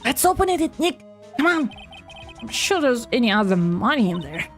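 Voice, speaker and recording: A bubbly young sidekick girl, as a woman puts her on, squeaking high and eager. She pleads and whines with bright, bouncy energy over faint background music. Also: very animated, moderate pace. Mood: pleading. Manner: high-pitched, eager, whiny.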